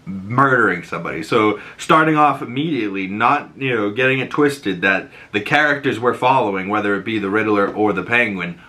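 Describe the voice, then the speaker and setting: A male podcast host giving a rambling, profane, excitable recap of a TV episode. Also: fairly low pitch, a little fast. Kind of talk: casual episode recap and reaction.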